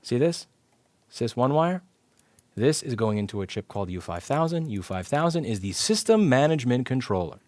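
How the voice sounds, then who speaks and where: A man's voice: mid-range voice, very animated, moderate pace, a little mellow, no echo. A man teaching electronics repair on a live stream, blunt and sarcastic, cursing casually as he explains the circuit step by step. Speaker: repair instructor. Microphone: clip-on mic.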